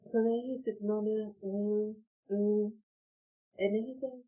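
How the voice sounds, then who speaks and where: A woman from Saint Martin telling a story in a casual, animated way, laughing between lines and using lots of slang. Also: mid-range voice, unhurried, phone-quality sound. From Saint Martin, Dutch Caribbean.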